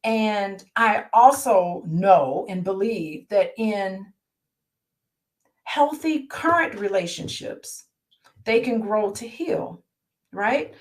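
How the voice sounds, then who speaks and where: A woman therapist who reads passages from a book aloud and talks them over with her listeners in a conversational way, often checking in with a quick "right?". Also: medium pitch, animated. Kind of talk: reading a book aloud and commenting.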